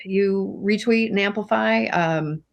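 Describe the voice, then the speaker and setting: An earnest woman co-hosting a casual discussion show, with a voice of middling pitch. She talks in an emphatic way and repeats words to drive her points home. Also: slow, gravelly, lo-fi sound. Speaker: podcast co-host.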